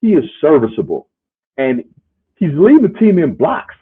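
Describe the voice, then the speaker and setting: A man's voice: on the high side, wildly swooping pitch, moderate pace, slightly rough. A man who once played the sport, co-hosting a podcast and making emphatic, punchy points. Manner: emphatic, punchy, tag questions. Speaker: podcast co-host, former player. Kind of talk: casual sports chat. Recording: tinny phone-like sound.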